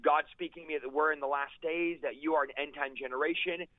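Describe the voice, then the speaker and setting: A man giving an intense, fast-paced personal testimony as an interview guest, driving his points home with emphatic repetition. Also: fairly high pitch, fairly even intonation, no room sound. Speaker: guest preacher sharing a testimony. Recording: tinny, dry phone-like line.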